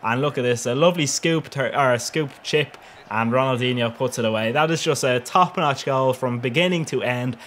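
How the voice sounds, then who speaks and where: A man's voice: medium pitch, normal speed, a bit bright, a little hiss or hum. A young man giving a cheeky, rambling voice-over commentary on his own football video game matches, laughing often. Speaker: gaming channel host.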